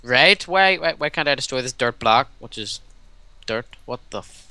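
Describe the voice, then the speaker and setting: A man's voice: medium pitch, animated, moderate pace, bright, forceful tone, a little hiss or hum. A man co-hosting a casual Let's Play, cheeky and teasing, fond of repeating jokes in silly voices. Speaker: gaming channel co-host.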